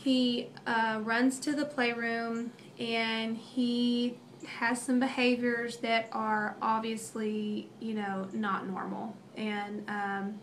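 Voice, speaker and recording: A woman in her thirties tells a family story in a rambling, emotional way, full of fillers and restarts. Her voice sits a little high. Faint background hiss runs under the recording. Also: little pitch movement, slow, few pauses. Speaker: mother telling a family story. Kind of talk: casual storytelling.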